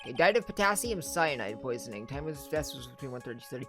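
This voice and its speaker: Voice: mid-range voice, sing-song, fast talker, music in the background, pitched below the performer's own voice. A player doing a flustered cop with a Brooklyn accent. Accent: attempted Brooklyn. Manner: stammering, apologetic, clumsy put-on accent. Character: bumbling male police detective, loyal and flustered. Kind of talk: reading game dialogue aloud.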